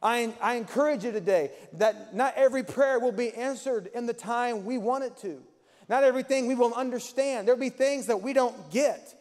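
A man's voice: very high voice, darkish tone, big-room sound. A man preaching a sermon as pastor, with an impassioned, repetitive cadence in a church sanctuary.

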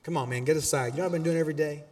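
A man preaching a sermon as pastor in a church auditorium, animated and exhorting, with casual asides to the congregation. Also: fairly high pitch, racing, big-room sound, slight background noise.

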